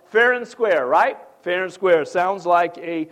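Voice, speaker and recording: Speaking slowly with hardly any pauses, a pastor with a high, slightly bright voice delivers a sermon. He reads scripture with building emphasis and talks with the congregation conversationally, asking them questions.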